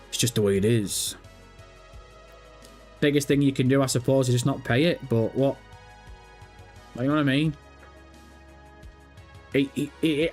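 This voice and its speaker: A man hosting a live gaming stream, reading viewer comments aloud and answering with profane, jokey banter. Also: mid-range voice. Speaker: livestream host.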